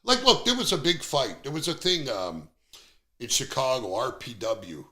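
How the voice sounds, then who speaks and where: A man's voice: medium pitch, animated, normal speed, pushed and bright. A middle-aged man from Canada, hosting a podcast and ranting bluntly with plenty of profanity in casual chat. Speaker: podcast host.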